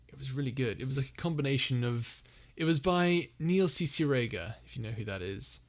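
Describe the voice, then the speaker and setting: A man's voice: medium pitch, lively intonation, moderate pace. Giggly young man hosting a live Q&A. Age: young adult. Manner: giggly, reads chat messages aloud. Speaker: livestream host. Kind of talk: casual live Q&A chat.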